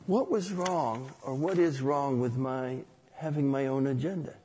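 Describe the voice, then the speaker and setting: A man's voice: mid-range voice, unhurried, mellow, long reverb tail, a little hiss or hum. A man preaching a conversational sermon, asking rhetorical questions and telling a personal story.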